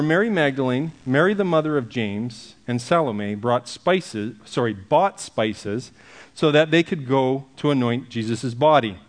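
A middle-aged man preaching to his congregation in a relaxed, conversational way. He teases his listeners with light jokes before turning to read and explain a passage of scripture. His voice sits notably high for a man. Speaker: pastor. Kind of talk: sermon.

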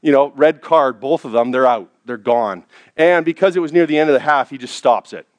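A middle-aged man preaching a sermon to a congregation in a church, telling personal stories and dropping his voice low for quoted thoughts. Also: a little fast. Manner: storytelling, drops to a hushed low voice for quoted thoughts. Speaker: pastor.

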